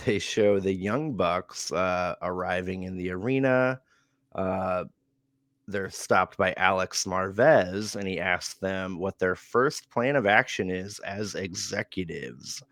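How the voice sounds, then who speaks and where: A man with a very low voice talks slowly and easily, recapping a wrestling show for a podcast. He chuckles often and fills his pauses with "uh." The sound is dry and close. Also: no room sound. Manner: relaxed, chuckles often, many fillers.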